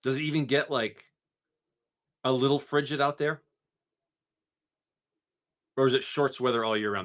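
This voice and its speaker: A man's voice: medium pitch, steady tone, normal speed, pauses often, a bit bright. Laid-back rambling man chatting on stream. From Massachusetts, USA. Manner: rambling and laid-back, swears casually, lots of "like" and "dude". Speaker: live-stream host. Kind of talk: casual live-stream chat.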